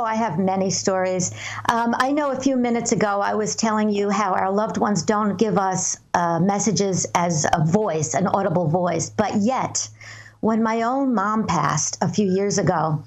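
Speaking at a medium pitch, a female medium on an interview responds to questions and shares stories in a calm, earnest, measured manner.

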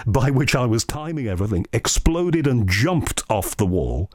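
A man's voice: medium pitch, normal speed, no room sound, clean studio sound. A man from England, a radio host, telling earnest stories in casual chat. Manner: storytelling, earnest, animated anecdotes.

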